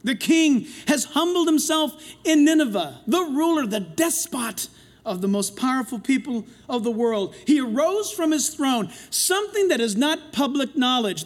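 A middle-aged man preaching a sermon as pastor, swinging between loud passionate lines and quiet asides. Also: very high-pitched.

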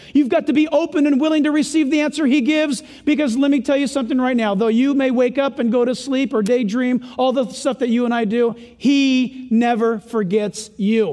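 An older man preaching a sermon as pastor, animated and playing out the voices of his listeners. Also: extremely high pitch. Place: church. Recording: long reverb of a church hall.

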